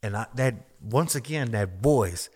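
A man's voice: medium pitch, lively intonation, measured pace, a little mellow, breathy edge. A man, a minister, telling his personal testimony as a guest in a conversation, emphatic and repetitive as he tells the story.

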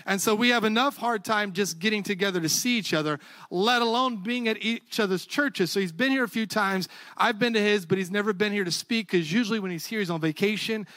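A male pastor gives an upbeat, joking welcome from the stage. His voice sits high for a man. The sound is dry and close, with little room echo. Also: fairly quick, bright, forceful tone. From North Carolina. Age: older than his brother. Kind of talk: church welcome and introduction.

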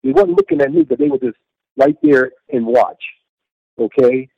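Gravelly-voiced man telling his testimony. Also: on the high side, huge pitch swings, normal speed, muffled recording. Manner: earnest, repetitive storytelling with acted-out self-quotes. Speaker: interview guest. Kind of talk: personal faith testimony in an interview.

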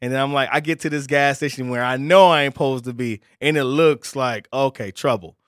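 A man with telling a lively faith story in casual podcast chat, acting out voices and laughing often. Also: mid-range voice, a little fast, no room sound, clean studio sound.

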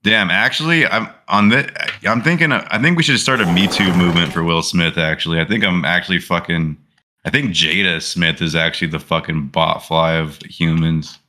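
A man's voice: low-pitched, normal speed, pushed and bright, a little hiss or hum. A man co-hosting a podcast, chatting loosely with profane jokes. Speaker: podcast co-host. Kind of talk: casual chat.

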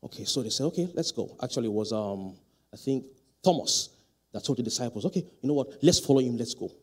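A male pastor preaching a sermon in a church, asking the congregation questions and rising to loud, emphatic peaks. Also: mid-range voice, animated, fast. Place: church hall.

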